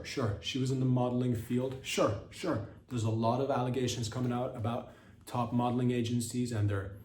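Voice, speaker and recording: A man's voice: mid-range voice, a little mellow, recorded from a distance. A man does a profane, mock-outraged comedy monologue for his podcast, his voice sitting in a middle register. The room is echoey, with a faint hiss of noise behind him. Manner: profane, sarcastic, mock-indignant rants. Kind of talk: crude satirical monologue.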